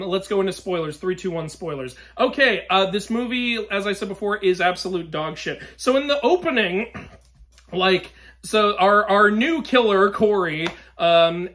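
Exasperated young man ranting. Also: sits high. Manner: exasperated, swearing, swings between loud outbursts and weary sighs. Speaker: movie reviewer. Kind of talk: ranting film review.

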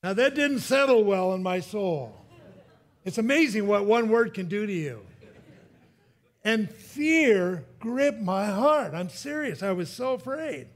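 A pastor with a high-pitched voice preaches a sermon built around a personal story, speaking slowly and expressively. He chuckles at his own jokes and frequently starts his sentences over.

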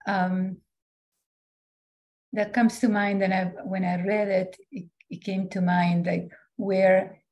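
A woman in a discussion group hesitantly works through a question, restarting as she searches for words. Her voice is mellow and dark with a gravelly edge, pitched in a middle range. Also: little pitch movement, takes it slowly, muffled recording. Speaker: study group participant. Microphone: video call.

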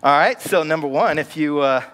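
A young man preaching a casual, humorous sermon, acting out quick voices for biblical figures. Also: fairly high pitch, a bit bright. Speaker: pastor.

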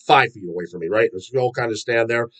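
A man's voice: medium pitch, very fast, fairly bright tone, poor audio. A man casually ranting and telling rambling, profane stories, full of fillers and restarts. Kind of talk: casual rant about metal.

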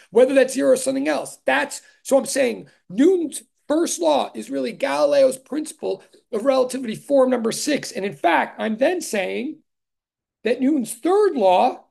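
A man, a physics professor, giving an animated conceptual lecture to an online class, thinking aloud with frequent restarts and dry sarcastic asides. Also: extremely high pitch, vocal fry. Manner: emphatic, stressing ideas with repeated "really".

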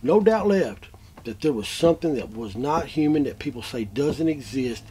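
A man's voice: medium pitch, moderate pace. Brief: male eyewitness, middle voice, emotional retelling with a faint background hum. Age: adult, a father. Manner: animated, repeats himself, swings from loud to hushed. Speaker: eyewitness interviewee. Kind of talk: emotional first-person retelling.

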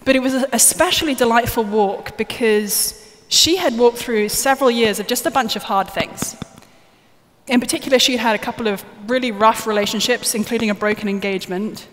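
Woman, fairly high voice, chatty, joking with the crowd, stage mic, long hall echo. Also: brisk. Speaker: conference speaker. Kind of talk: live conference talk. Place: large conference hall. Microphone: stage microphone. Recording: live hall reverb, faint noise.

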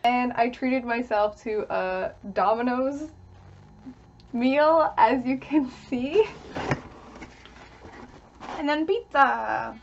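A woman's voice: on the high side, very slow, gravelly, pauses often, dull audio, a little hiss or hum. A young woman, talking casually to camera while eating, chatty with little giggles. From Canada. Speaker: vlogger.

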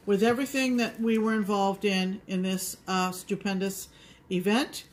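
A woman co-hosting a cross-stitch show, chatting casually to viewers in a measured, halting way with many pauses. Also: medium pitch, fairly even intonation.

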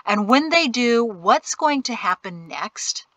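A stern village colonel barks urgent orders in a storybook reading, as a woman voices him. The voice sits a touch high and rings bright and forceful, with a dry, close sound and no room around it. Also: big pitch swings, slow, dry recording, exaggerated voice.

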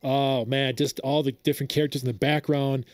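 A man's voice: medium pitch, a little fast, no echo. A man hosting a reaction video, gushing and rambling as he comments on a game trailer. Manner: excitable, gushing, loud exclamations and laughter; rambling fan commentary with restarts. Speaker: reaction channel host.

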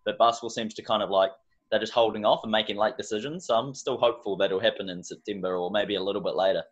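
A New Zealand man, a basketball coach, talking in a quick, matter-of-fact way. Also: on the low side, dull audio. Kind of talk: casual chat.

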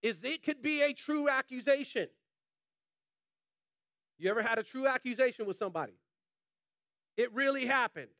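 A man preaches a sermon as pastor in an extremely high-pitched, bright, forceful voice with lively intonation, at normal speed and pausing often. The recording is dry, with clean studio sound. He's passionate, emphatic, and colloquial, repeating lines for emphasis and addressing the congregation directly.

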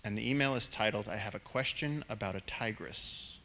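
Animated man telling a story on stage. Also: on the low side, normal speed. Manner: animated storyteller, acts out quotes in raised voices. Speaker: naturalist and explorer giving a public talk. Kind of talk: storytelling lecture.

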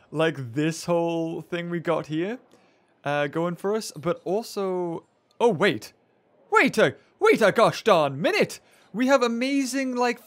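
A young man narrates his gameplay in a high, bouncy voice that swoops up and down as he chatters to himself. He hosts a gaming channel and keeps his commentary casual and excitable.

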